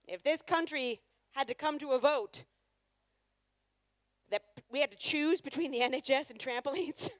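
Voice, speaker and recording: A woman's voice: a little high, dry recording. A woman performing a live stand-up comedy set on stage, chatty and sarcastic, teasing the crowd.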